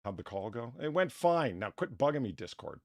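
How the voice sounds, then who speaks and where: A male streamer talks off the cuff, swearing and joking at his own expense. His voice is gravelly and jumps around in pitch. The mic is dry and close, with faint music underneath. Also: sing-song, fairly quick, dry recording. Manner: self-mocking, swearing, thinking aloud while fixing tech. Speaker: podcast host and streamer. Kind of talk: casual stream chat.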